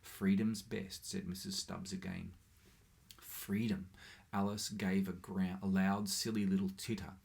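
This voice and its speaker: A man reading a short story aloud in a steady, measured way. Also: low voice, gravelly. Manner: steady, measured, with small slips. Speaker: reader.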